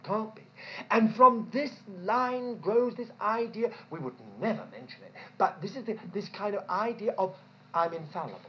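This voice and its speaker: A woman preaching a sermon in an animated way, asking rhetorical questions and repeating points for emphasis. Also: medium pitch, moderate pace, slight background noise. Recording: dull lo-fi recording.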